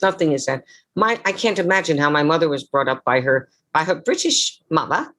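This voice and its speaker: A woman's voice: sits low, very animated, a little fast, a bit bright. Theatrical older woman telling stories. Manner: theatrical, dramatic storyteller. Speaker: guest actress and author. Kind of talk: live storytelling interview. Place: live event before an audience.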